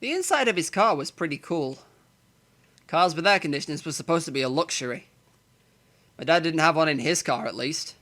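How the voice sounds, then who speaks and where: A young man with a northern English accent reading a visual novel aloud, animated and self-mocking. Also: on the high side, a little fast, long pauses. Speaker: let's player.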